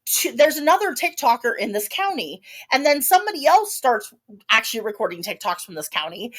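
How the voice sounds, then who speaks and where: A woman's voice: mid-range voice, a bit bright. A woman co-hosting a podcast, telling a story in casual chat with many asides and restarts. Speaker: podcast co-host.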